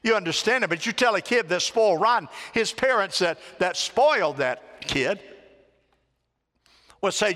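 A male pastor preaching a sermon, lively and dramatic, stretching phrases and acting out little voices. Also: sits high, normal speed. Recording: long reverb of a large hall.

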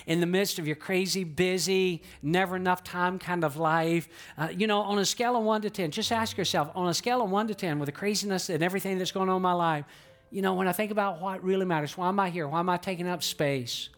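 Earnest preaching man, slightly high voice. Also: fast, fairly bright tone. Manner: earnest preaching with rhetorical questions. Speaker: pastor. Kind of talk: sermon. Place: church auditorium in a theater.

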